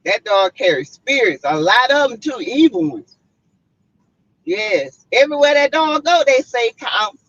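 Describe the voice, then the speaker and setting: A woman's voice: fairly high pitch, very animated, unhurried, a bit bright, no echo. A woman with a Southern US accent hosting a casual live stream, chatty and full of "mm-mm" and "y'all" asides to her viewers. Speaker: livestream host. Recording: slightly muffled lo-fi stream audio.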